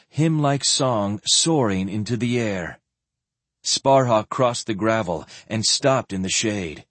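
Guy reading a fantasy audiobook, low husky voice, steady measured pace, dry close sound. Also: no echo. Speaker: audiobook narrator. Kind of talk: scripted narration.

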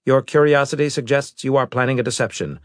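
A man's voice: medium pitch, quick pace, no echo, studio quality, pitched above the performer's own voice, natural voice. A man voicing a rigid alien robot that speaks in a stiff, formal, insistent way. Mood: demanding.

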